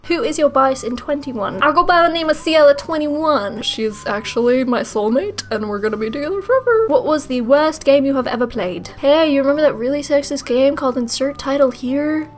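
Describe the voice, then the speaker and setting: A young woman in casual Q&A vlog talk, playful and self-mocking, her voice a little rough today, talking close to the mic. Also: high voice, brisk, hardly any pauses. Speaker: YouTuber answering fan questions.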